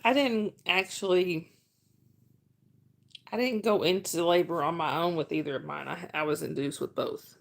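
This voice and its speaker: A woman's voice: on the low side, normal speed, vocal fry. A middle-aged woman hosting a casual livestream, telling rambling stories and reading chat names aloud.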